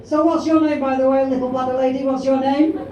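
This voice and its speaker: A man hosting a stand-up show, teasing the audience in a brash, sweary, shouting way during crowd work. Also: extremely high pitch, little pitch movement, quick pace, highs cut off. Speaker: comedy host and compere. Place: large comedy auditorium with live audience. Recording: echoey hall, distant mic, crowd noise.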